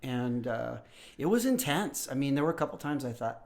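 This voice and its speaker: A man in his fifties, a professor and podcast guest, telling stories in casual conversation and clearing his throat now and then. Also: mid-range voice, expressive, moderate pace. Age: 50s. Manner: storytelling, often clears throat.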